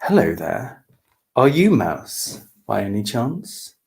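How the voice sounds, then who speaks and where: A man's voice: medium pitch, very animated, slow pace, vocal fry, full character voice. A man voicing a brave, polite little male kitten in a children's storybook reading, eager and bold.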